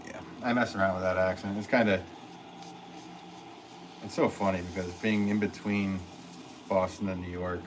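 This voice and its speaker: A man's voice: deep voice, steady tone, normal speed, long pauses, noisy background. A middle-aged man hosting a casual live stream as a potter, chatting with viewers in an easygoing, rambling, jokey way. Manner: easygoing, rambling, jokey with frequent ums and restarts. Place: pottery studio.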